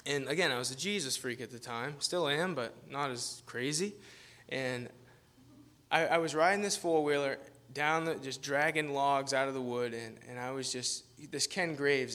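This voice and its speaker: At a moderate pace, a man with a bright, forceful, medium-pitched voice preaches as a guest pastor. His informal sermon centers on a wandering, self-deprecating story told casually, punctuated by frequent laughter.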